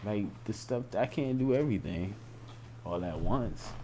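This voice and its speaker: A man's voice: lowish voice, lively intonation, normal speed, mellow, a little hiss or hum. A young man talking casually on a late-night live stream, rambling and repeating himself in loose, informal speech.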